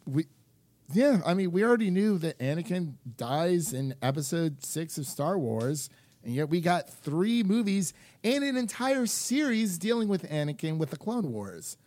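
A man co-hosting a podcast in casual chat, animated and full of fillers as he acts out quotes. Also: a little high, moderate pace, dry recording. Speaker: podcast co-host.

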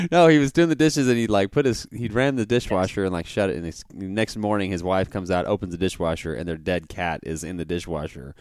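A man's voice: low-pitched, a little fast, darkish tone, no echo. A man hosting a podcast in casual chat, playful, laughing a lot and often restarting his sentences. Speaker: podcast host.

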